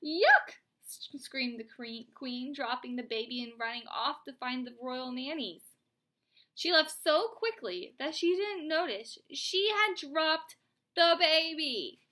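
A young woman, a teacher at home, reading a storybook aloud to her child with animated, chatty asides. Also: high-pitched, measured pace.

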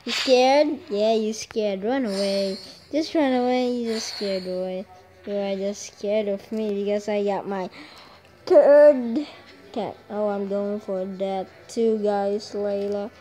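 A woman's voice: medium pitch, takes it slowly, mellow, soft background music. A woman commentating her own game match, trash-talking and complaining about lag with frequent swearing. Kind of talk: gameplay commentary.

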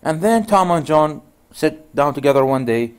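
A man's voice: on the high side, expressive, moderate pace, smooth. A male networking instructor giving a casual screen-share tutorial, telling stories full of "you know" and "goes like" in non-native English phrasing.

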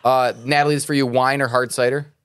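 A man's voice: mid-range voice, flat delivery, quick pace, a crowd in the background. A man hosting a podcast, reading listener questions aloud in playful casual chat. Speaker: podcast host.

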